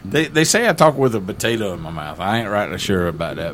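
Deep-voiced country-accented pastor. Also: male voice, animated, quick pace, a bit bright, slight background noise. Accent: Southern US country. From Florida. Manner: drawling, folksy, with many fillers. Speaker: pastor, podcast co-host. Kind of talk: casual chat and prayer.

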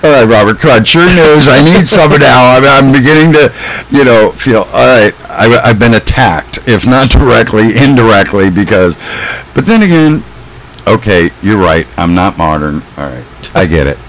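A man's voice: medium pitch, lively intonation, moderate pace, a bit bright, a little hiss or hum, poor audio. A man co-hosting a casual fishing podcast, rambling with restarts and frequent laughs. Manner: rambling, self-interrupting, laughs often. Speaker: podcast co-host.

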